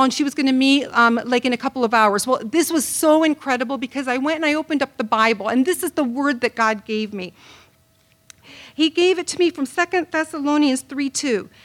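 Woman, middle-aged, high voice, animated sermon storyteller who acts out the quotes. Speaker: Bible teacher.

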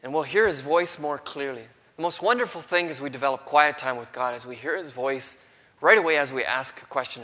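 A man preaching a sermon with a cold, earnest and dropping to a hush when he quotes. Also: medium pitch, a little fast, long reverb tail. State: has a cold, throat strained.

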